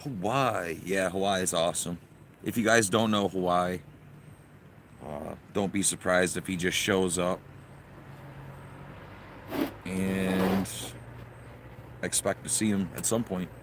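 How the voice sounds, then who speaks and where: Low-voiced man chatting on a livestream. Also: slow, pauses often, a little hiss or hum. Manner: relaxed and chatty, greets viewers. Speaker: livestream host. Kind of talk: casual livestream chat. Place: outdoors in a yard.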